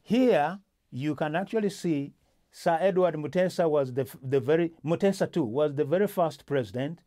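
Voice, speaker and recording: A man's voice: on the high side, moderate pace, dark tone. A male host in a casual political discussion, talking with many restarts and fillers.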